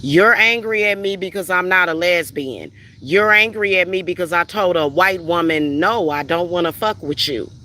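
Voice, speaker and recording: A woman's voice: on the low side, normal speed, few pauses, bright, forceful tone, a little hiss or hum. A heated, profane woman ranting on a livestream. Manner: reads out viewer comments and retorts. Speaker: spiritual reader hosting a livestream. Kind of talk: livestream rant answering chat.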